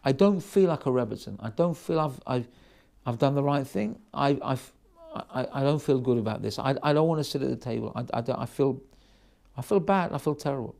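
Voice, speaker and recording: A man playing a remorseful, pious rabbi's wife who speaks quietly and haltingly, stammering over her words. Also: mid-range voice, lively intonation, gravelly, pitched below the performer's own voice.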